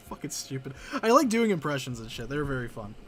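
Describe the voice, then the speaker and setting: A man's voice: mid-range voice, sing-song, fairly quick, sharp tone, a little hiss or hum. A man chatting casually on a live stream, chatty and self-deprecating, breaking into laughs.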